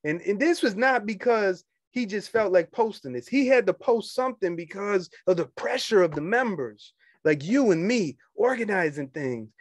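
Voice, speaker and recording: Animated man talking to union members. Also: sits high, moderate pace, hardly any pauses, no echo, studio quality. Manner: animated, laughs often, dismissive asides. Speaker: union organizer. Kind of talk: casual talk to members.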